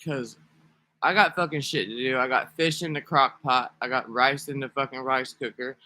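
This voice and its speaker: A man's voice: medium pitch, fairly even intonation, normal speed, pushed and bright, no echo. A man talking casually to camera in a rambling, profane, sarcastic vlog monologue. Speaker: vlogger.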